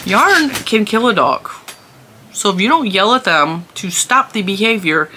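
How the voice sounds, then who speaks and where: A woman's voice: fairly low pitch, pushed and bright, a little hiss or hum. A woman, hosting a crochet vlog and chatting on in a rambling way at home, laughing often. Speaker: crochet channel host. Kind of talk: casual chat to camera. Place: home room.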